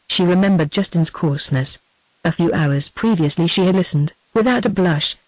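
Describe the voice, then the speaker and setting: A synthetic woman's voice with a British accent reading a novel aloud at a steady, even pace. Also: on the low side, no echo, poor audio. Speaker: audiobook narrator. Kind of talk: text-to-speech novel reading.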